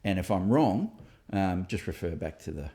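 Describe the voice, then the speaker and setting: Low-voiced man thinking aloud. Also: expressive, normal speed, dark tone. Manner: reflective, thinking aloud with fillers and restarts. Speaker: author and host. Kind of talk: casual discussion.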